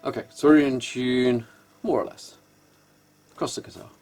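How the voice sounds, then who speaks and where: Gravelly man, wry and exasperated. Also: mid-range voice, steady tone, moderate pace, darkish tone, soft background music. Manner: wry, exasperated, hesitant with fillers. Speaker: guitar repairer. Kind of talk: casual workshop commentary. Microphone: camera microphone.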